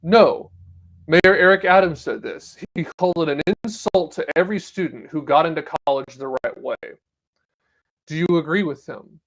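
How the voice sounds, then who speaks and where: A man's voice: a little high, a bit bright. A man hosting a podcast alone, giving casual political commentary with sarcastic asides and reading news articles aloud. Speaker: podcast host.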